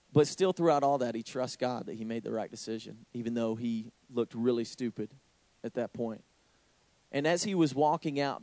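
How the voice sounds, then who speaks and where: A young man preaching a sermon, telling a story with lively, sudden high exclamations. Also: no room sound. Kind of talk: sermon with anecdote.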